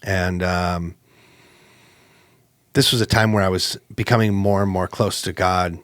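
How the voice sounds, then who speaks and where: A man co-hosting a podcast, telling a personal story in a casual, animated way with lots of fillers. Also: a little slow, no echo, clean studio sound. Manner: animated, acts out quoted exchanges with jumps in pitch; conversational, with many fillers and restarts. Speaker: podcast co-host.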